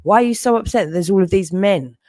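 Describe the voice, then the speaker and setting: A woman's voice: medium pitch, quick pace, warm tone, no room sound, clean studio sound, voice pushed up, natural voice. A woman mimicking sneering taunting men. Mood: mocking. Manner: sing-song sarcastic mimicry. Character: mocking taunting group of men.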